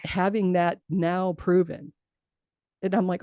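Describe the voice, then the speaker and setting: A middle-aged woman telling a personal story in an interview, lively and acting out what others said, with frequent laughs. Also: on the low side, a little slow, no echo. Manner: animated storytelling, acts out quoted voices, laughs often. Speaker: guest.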